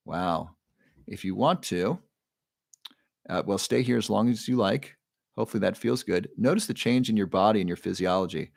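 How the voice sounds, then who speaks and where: A man's voice: on the low side, moderate pace, creaky, no echo, studio quality. A man hosting a live stream, talking casually with his chat, guiding a breathing exercise and answering viewers' questions by name. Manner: relaxed, guides breathing, reads chat names aloud. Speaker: livestream host.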